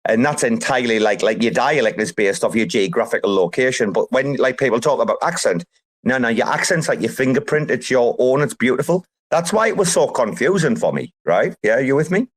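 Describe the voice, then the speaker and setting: A man hosting a casual group chat, talking in an animated, emphatic way and swearing casually. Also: medium pitch, a little fast, slightly rough. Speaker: host.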